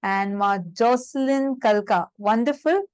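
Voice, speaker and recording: A woman's voice: on the high side, a little slow, smooth, dry recording. A woman co-hosting an online spiritual session, inviting viewers to post in the chat and explaining a devotional ritual. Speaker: session co-presenter. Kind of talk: devotional talk and sign-up announcements.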